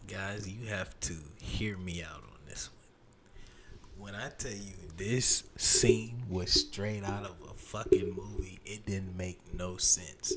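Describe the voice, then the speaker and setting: A young man with a fairly low voice hosts a podcast and tells a story in loose, slang-heavy casual chat. He swears freely and keeps the telling lively. A crowd can be heard clearly behind him. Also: slow pace. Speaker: podcast host.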